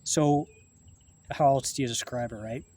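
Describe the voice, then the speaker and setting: A man, talking in a halting, rambling monologue to camera, full of restarts and swearing. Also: medium pitch, darkish tone. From Canada.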